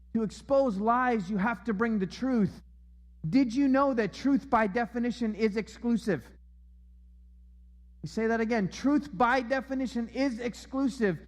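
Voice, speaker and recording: A man's voice: extremely high pitch, long reverb tail. A man preaching a sermon as pastor, emphatic and repeating his key phrases. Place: church auditorium.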